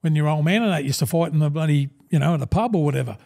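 Gravelly Australian older man. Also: on the high side, rapid-fire, dark tone. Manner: rambling and blokey, peppers talk with "mate". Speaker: guest, former rugby league forward. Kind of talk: casual storytelling in a podcast interview.

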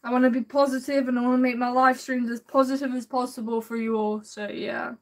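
A woman live-streaming a game, chatting warmly and excitably with her viewers and drawling a repeated sing-song catchphrase. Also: a little high, brisk. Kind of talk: live gameplay commentary.

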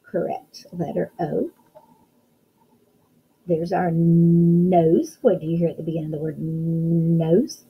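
A woman's voice: low-pitched, steady tone, moderate pace, creaky, pauses often, breathy edge, muffled recording. A woman teaching a phonics lesson to young children, encouraging them and sounding out letters one at a time.

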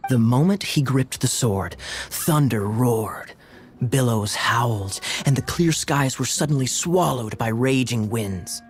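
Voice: mid-range voice, expressive, measured pace, close to an everyday voice. An actor voicing a dramatic, secretive young man who boasts about a pirate grandfather in a game. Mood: storytelling. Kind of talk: game dialogue. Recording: game audio with faint music.

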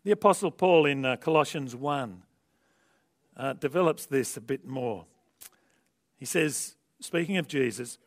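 A man preaching a sermon in an animated storytelling manner, with conversational asides to the congregation and big swings between quiet and loud emphasis. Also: medium pitch, unhurried, long pauses.

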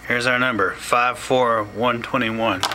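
A man walks through a tutorial step by step at an unhurried, deliberate pace. His voice sits in an ordinary middle pitch. A steady noisy hiss runs under the recording. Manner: slow, plain explaining with asides. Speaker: teacher.

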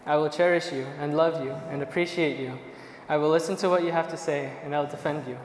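A young groom reads his vows softly, with emotion close to the surface. His fairly high voice rings out in a reverberant hall, with faint room noise behind it. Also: fairly even intonation, fast talker. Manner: soft, emotional, reading from notes. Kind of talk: reading wedding vows.

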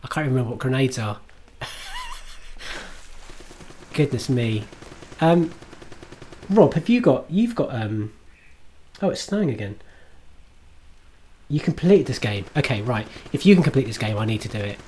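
A man's voice: mid-range voice, sing-song, unhurried, long pauses, darkish tone, a little hiss or hum. A man streaming himself playing a game, chatting to viewers in a self-mocking way, swearing and laughing at his own mistakes. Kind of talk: live gameplay commentary.

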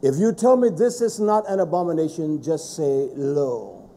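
A man preaching a sermon in a fervent, emphatic way, with sudden shouted stresses. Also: fairly high pitch, expressive, moderate pace, slight background noise.

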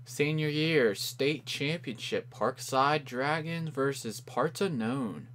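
A man's voice: medium pitch, slow pace. Trash-talking young man gaming. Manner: joking, trash-talking, loud outbursts at plays. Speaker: gaming commentator. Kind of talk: live gameplay commentary.

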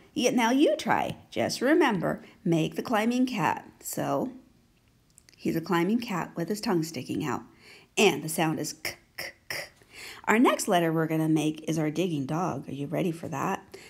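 A woman teaching young children to write letters, speaking gently and encouragingly and often asking if they can see. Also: low-pitched, breathy edge. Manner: gentle, slow and encouraging, asking many check questions. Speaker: handwriting teacher. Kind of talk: children's handwriting lesson.

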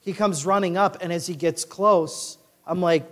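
A male pastor preaching a sermon, reading scripture with force and dropping to a quiet storytelling voice. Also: sits high, steady tone, normal speed. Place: church sanctuary. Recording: echoey church sanctuary reverb.

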